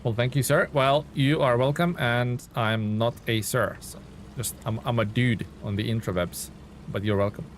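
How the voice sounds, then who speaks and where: A relaxed man hosts a live gameplay stream, chatting casually and answering his viewers as he plays. His voice sits at an ordinary middle pitch. A faint hum of noise runs under the recording. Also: normal speed. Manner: laid-back, chatty, talks straight to viewers. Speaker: game streamer. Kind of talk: live gameplay commentary reading chat.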